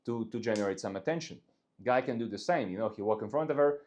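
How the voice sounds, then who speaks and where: A man's voice: fairly low pitch, expressive, fast, darkish tone, lo-fi sound. A man giving casual dating advice, talking loosely through examples.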